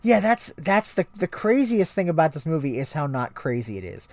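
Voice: mid-range voice, big pitch swings, normal speed, a little mellow, dry recording. Rambling, profane podcast co-host on a dry close mic. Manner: rambling, many restarts and fillers, swears. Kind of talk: casual comedic chat.

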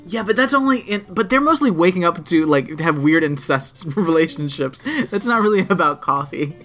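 Bright-voiced joking man co-host. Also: on the high side, animated, moderate pace, faint music behind. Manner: profane, jokey, acts out ranting outbursts. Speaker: podcast co-host. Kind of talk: casual comedic chat.

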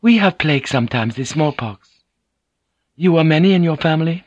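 A man reading an audiobook, voicing a gracious young Japanese noblewoman who speaks calmly in formal, measured phrases. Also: on the high side, no room sound, dull audio, pitched above the performer's own voice. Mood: calm, gentle.

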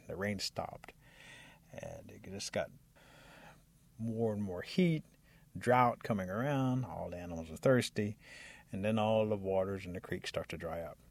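A man telling a folk tale on a radio show in a relaxed, lively way. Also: lowish voice, normal speed, dry recording. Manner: relaxed, lively narration with occasional laughs. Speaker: storyteller.

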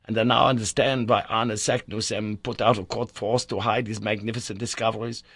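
A man voicing an excitable, eccentric old male professor who stammers when flustered. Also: on the low side, a little fast, husky. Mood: excited.

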